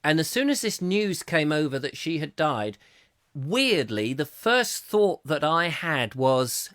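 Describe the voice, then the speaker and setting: A man's voice: fairly high pitch, sing-song, slow pace, fairly bright tone, no room sound. Man, middle-aged, chat show host, digressive storytelling, fillers and restarts, dry close sound. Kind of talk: rambling anecdotal monologue. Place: home studio, live stream.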